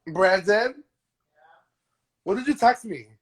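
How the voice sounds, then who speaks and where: A young man chatting casually on a phone live stream and telling a story in animated, slangy talk. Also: high voice, takes it slowly, husky. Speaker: drag performer hosting a live stream.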